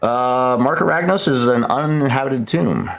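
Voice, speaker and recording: A man running a tabletop game as game master, explaining details in a halting way full of "uh"s and restarts. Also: mid-range voice, gravelly, a bit bright, soft background music.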